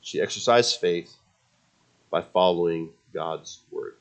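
A man preaching a sermon. He tells the story with animation, acts out the characters' words, and repeats and restarts phrases when he gets excited. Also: low voice, slow.

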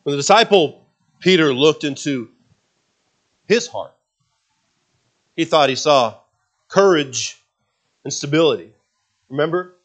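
A man preaching a sermon as pastor, swinging between loud emphatic passages and quiet, confiding asides. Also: a little high, animated, a little slow, pauses often.

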